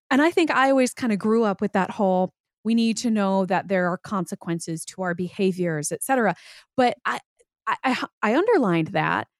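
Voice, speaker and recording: Chatty lady host, eager, tells stories fast, dry close mic. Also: mid-range voice, no room sound. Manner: chatty, enthusiastic storytelling. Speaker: podcast host. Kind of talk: interview, casual chat.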